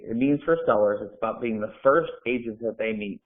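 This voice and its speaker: A man's voice: on the low side, brisk. A man giving direct, coaching real estate training, firing off rhetorical questions. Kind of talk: instructional talk to camera. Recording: phone-like narrow sound.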